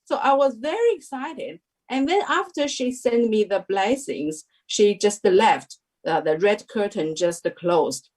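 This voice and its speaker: A woman giving a personal testimony as an interview guest, telling her story in halting, unhurried phrases. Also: medium pitch, a little mellow. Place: lives in New Zealand.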